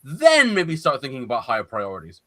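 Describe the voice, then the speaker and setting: A man's voice: medium pitch, huge pitch swings, fairly quick, bright, forceful tone. A man in a casual livestream chat who stumbles over repeated starts and uses grand phrases. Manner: hesitant, repeats himself, fond of grand phrases.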